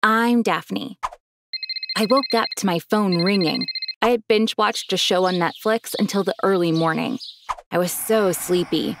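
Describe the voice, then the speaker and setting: A woman narrating her own story in an expressive, casual way. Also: on the low side, a little slow, background noise.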